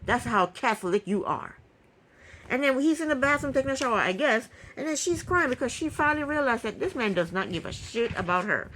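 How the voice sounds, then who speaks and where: A woman recapping a reality TV episode in casual talk, opinionated and indignant, with quick asides. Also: fairly high pitch, lively intonation, a bit bright, slight background noise, rough recording.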